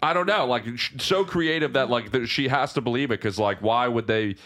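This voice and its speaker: A young man telling a long story as a podcast guest, casual and animated, full of "like" fillers and restarts. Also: medium pitch, fairly quick.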